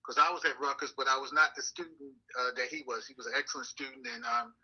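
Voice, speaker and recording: Older man with bright, lo-fi voice. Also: medium pitch, steady tone, slightly rough. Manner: measured, deliberate, frequent "uh" fillers. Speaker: city councilman and NAACP president. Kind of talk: interview conversation.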